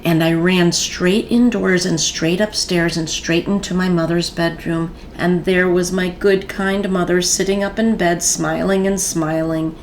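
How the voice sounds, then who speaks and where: A woman reading a children's story aloud in a gentle storytelling manner with expressive pauses. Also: lowish voice, slight background noise.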